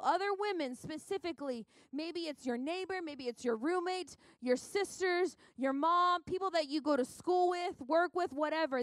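A woman's voice: sits high, dry recording. A young woman pastor preaching at a women's conference, fervent and exhorting, with lots of repetition. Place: church sanctuary.

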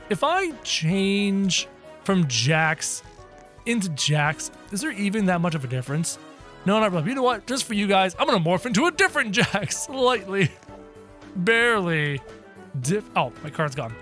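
A man giving excited, energetic commentary over his game, talking straight to his viewers. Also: high-pitched, normal speed, soft background music. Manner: energetic, talks to viewers as "guys". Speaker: gaming video creator.

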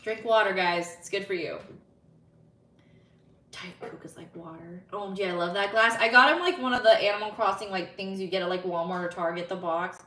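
A woman's voice: mid-range voice, fairly quick, pushed and bright, distant mic, slight background noise. A woman live streamer in casual chat, bubbly and giggly as she reads viewer messages aloud. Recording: roomy sound, slightly off-mic.

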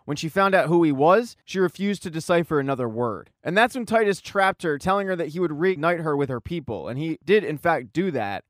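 A man's voice: on the high side, no echo, clean studio sound. Man recapping a TV episode. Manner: brisk storytelling with quoted lines. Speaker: recap host. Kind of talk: casual plot recap.

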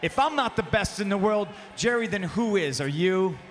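High, bright man taunting in an arena. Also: expressive, normal speed. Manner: taunting, mocking, often shouting. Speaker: pro wrestling champion. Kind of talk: arena wrestling promo. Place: large arena. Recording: long arena reverb with faint background noise.

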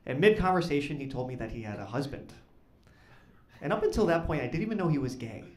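A man doing a stand-up comedy set on stage, talking in an awkward, deadpan way that rises into loud punchlines. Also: mid-range voice, quick pace. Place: comedy club stage with live audience. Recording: echoey club with audience noise.

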